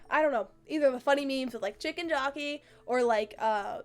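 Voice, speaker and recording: A young woman streamer chatting casually, rambling and excitable, with lots of fillers and restarts, getting a little choked up. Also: high-pitched, moderate pace, faint music behind. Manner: gets choked up and emotional.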